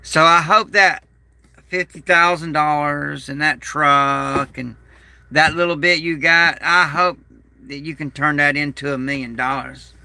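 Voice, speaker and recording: Male prepper vlogger, gravelly and sharp-edged, slow and bitter, dry close sound. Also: fairly high pitch, fairly even intonation, no echo. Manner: aggrieved, bitter, repeats himself. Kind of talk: rambling personal monologue.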